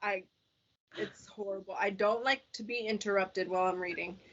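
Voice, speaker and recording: A woman in casual book chat on a podcast, blunt and quick to swear. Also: medium pitch, steady tone, a bit bright. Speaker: podcast co-host. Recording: dull lo-fi sound.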